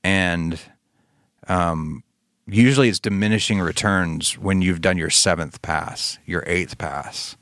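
A man's voice: deep voice, slow, fairly bright tone, no echo, clean studio sound. A man from Alabama, a co-host in casual chat who rambles, swears casually and trails off mid-thought. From Alabama, US Southern. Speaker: podcast co-host, studio producer.

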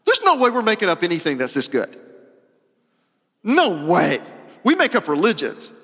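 A man preaching a sermon as pastor, emphatic and casual, repeating phrases and moving between loud and soft. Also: high voice, wildly swooping pitch, moderate pace. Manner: casual, uses "y'all" and slang. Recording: long hall reverb.

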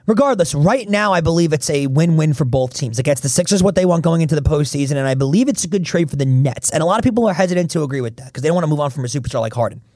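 A male sports podcast host who talks quickly and argues his points with emphasis. His voice sits a little high, and the sound is dry and close. He comes across as opinionated in casual chat. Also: expressive, darkish tone, dry recording. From Philadelphia area.

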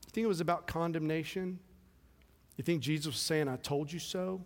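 A man preaching with fervor, his voice rising loud and then dropping to a hush. His tone sits a little high for a man. A long reverb trails each phrase through the hall. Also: fairly quick. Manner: impassioned preaching that swings from loud to hushed. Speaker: pastor. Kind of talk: sermon.

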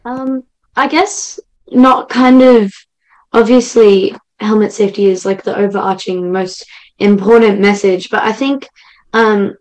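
A bubbly young woman from Australia talking about acting, her voice at a middle pitch. She gushes freely and sprinkles her speech with fillers. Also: fairly even intonation, a little slow, a little mellow, poor audio. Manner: bubbly, gushing, many "like" fillers. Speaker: young actor guest. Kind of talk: casual interview chat.

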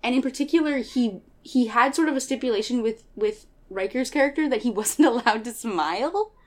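A woman in casual chat as a podcast co-host, retelling scenes with lively quoted voices. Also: on the high side. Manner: animated storyteller, acts out scenes with quick quoted voices.

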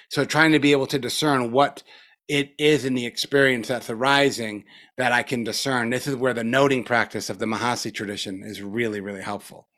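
A man's voice: mid-range voice, fairly even intonation, fairly quick, fairly bright tone. A middle-aged man giving a casual dharma talk as a meditation teacher, loose and profane, with many fillers, a little spaced out after a retreat.

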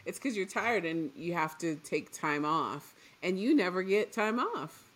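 Animated woman with a low voice. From Trinidad. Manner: animated storyteller, acts out her own past lines, quick asides. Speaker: podcast co-host. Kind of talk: casual chat.

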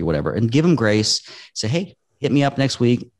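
A real estate investor on a podcast speaks casually as a guest, telling stories earnestly and with animation while performing the quoted lines. He has a medium-pitched voice, a moderate pace, and barely pauses.

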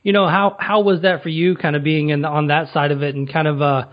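A man's voice: on the high side, flat delivery, brisk. Rambling man, slightly muffled sound. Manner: rambling, many fillers and restarts, laughs often. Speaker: podcast guest asking questions. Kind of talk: casual interview chat.

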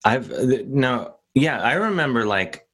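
A man's voice: mid-range voice, very animated, unhurried, a bit bright. A man hosting a podcast, telling rambling stories in casual chat and acting out the quotes. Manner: rambling storytelling with acted-out quotes. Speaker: podcast host.

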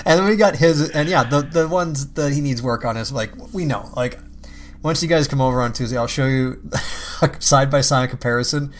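A man's voice: mid-range voice, normal speed, slight background noise. A man chatting casually as a parent, laughing often and swearing easily. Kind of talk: casual chat.

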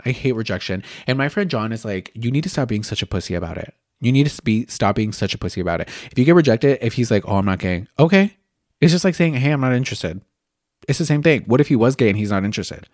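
Gushing, animated young man. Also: medium pitch, quick pace, no echo, clean studio sound. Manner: gushing, expressive, slips into whispers. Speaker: podcast host. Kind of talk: candid casual chat.

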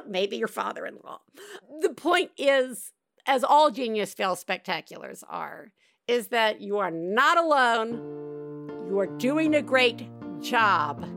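A woman hosting a podcast, reacting to callers in casual, expressive chat with frequent laughter. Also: fairly high pitch, slow, gravelly, no room sound, studio quality, soft background music. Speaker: podcast host.

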